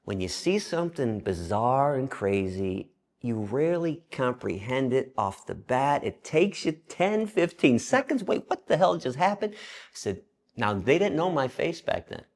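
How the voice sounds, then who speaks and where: A man with a gravelly, creaky voice tells a story in an interview. He is animated, jumping up in pitch and volume when he acts out other people's lines. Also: measured pace. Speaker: interview guest.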